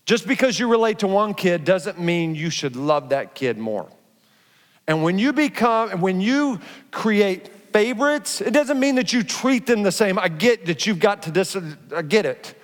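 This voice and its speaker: A middle-aged man preaching a sermon, animated, acting out his stories with frequent restarts. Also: high voice, a little slow. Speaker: pastor. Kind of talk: sermon with personal storytelling. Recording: long reverb from a large hall.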